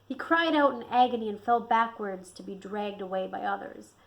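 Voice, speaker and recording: A woman reading her own fantasy novel aloud, expressive, dropping her voice low and soft on tense moments. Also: moderate pace, vocal fry. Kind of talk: audiobook narration.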